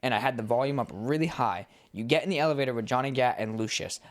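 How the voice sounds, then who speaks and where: A man's voice: medium pitch, fast talker. A young man co-hosting a podcast, telling rambling stories in casual chat and swearing freely. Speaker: podcast co-host.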